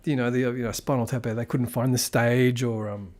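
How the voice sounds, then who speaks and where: A man's voice: medium pitch, steady tone, a little fast, darkish tone. A man giving a casual spoken film review, rambling and critical as he thinks aloud.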